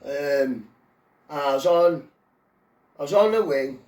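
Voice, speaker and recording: A man's voice: a little high, takes it slowly, a little mellow, far from the mic. A Welsh man telling a story in a casual, rambling, slangy way. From Wales. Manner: rambling, slangy, loose repeated fillers. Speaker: vlogger telling prison stories. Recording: echoey room, away from the mic.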